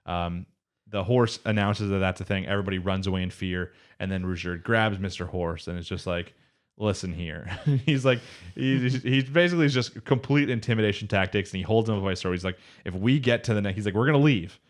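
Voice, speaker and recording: A man's voice: on the low side, fairly even intonation, a little fast. A man co-hosting an anime podcast, recapping episodes in a loose, rambling way and quoting characters in his own voice. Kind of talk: casual chat.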